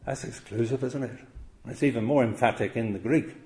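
A man's voice: medium pitch, fairly quick, mellow. A man preaching a sermon, earnest and emphatic, often pressing his point with rhetorical questions.

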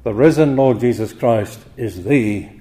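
A man preaching, earnest and emphatic as he builds his points with rhetorical questions. He slows down deliberately when quoting scripture. His voice sits at an ordinary middle pitch. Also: mellow. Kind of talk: evening sermon.

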